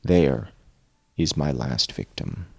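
A man reading aloud and voicing an anguished, remorseful male creature in a slow, low, hushed delivery. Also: expressive, creaky, husky, no room sound, studio quality, full character voice.

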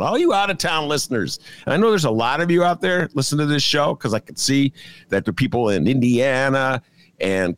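A man's voice: mid-range voice, no room sound. A middle-aged man from Chicago hosting a talk show, delivering a casual, sarcastic opinion monologue with folksy asides to his listeners. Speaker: radio show host.

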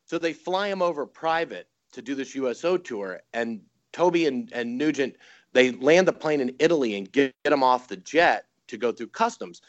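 A man's voice: medium pitch, animated, moderate pace, dull audio. A man, a comedian guest, telling a story in casual chat and acting out voices and sound effects.

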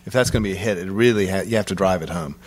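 A man's voice: sits low, rapid-fire. Guy in a studio, joking around, swears a lot, tells stories. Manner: storytelling, jokey, swears casually. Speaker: musician guest. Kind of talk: casual chat. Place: recording studio.

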